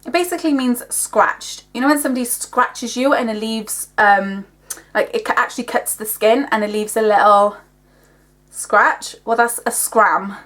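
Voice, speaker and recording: A woman's voice: on the high side, moderate pace, a bit bright. A young woman from Wales with a Welsh accent, chatting casually in a rambling way, filling her talk with "like". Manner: chatty, rambling, heavy use of "like", laughs often. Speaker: vlogger. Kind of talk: casual chat.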